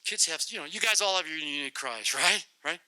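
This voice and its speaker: A middle-aged man telling a testimony to a youth group and praying, in an animated, comic, repetitive storytelling manner. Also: on the high side, a little fast, dry recording, rough recording. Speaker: guest speaker to youth group.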